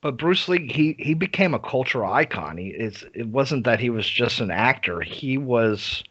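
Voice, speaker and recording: A man of medium pitch co-hosting a podcast, talking enthusiastically in a loose, restart-filled way with the odd swear. The recording has a dull, lo-fi sound. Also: expressive, moderate pace, fairly bright tone, husky. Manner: enthusiastic, profane, hesitant with many restarts. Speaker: podcast co-host. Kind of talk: casual film review chat.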